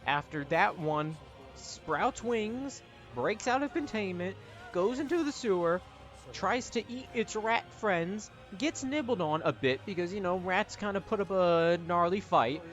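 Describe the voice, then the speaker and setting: Sarcastic high-voiced male reaction commentator. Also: lively intonation, a little slow, a bit bright, soft background music. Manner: sarcastic, exasperated, profane. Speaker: YouTuber.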